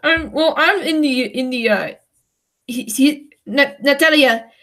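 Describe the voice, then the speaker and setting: Livestream host, woman from the United States, high and slow, hesitant and emotional, close to tears. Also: fairly bright tone. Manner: hesitant, many fillers and restarts, emotional. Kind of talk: casual livestream chat.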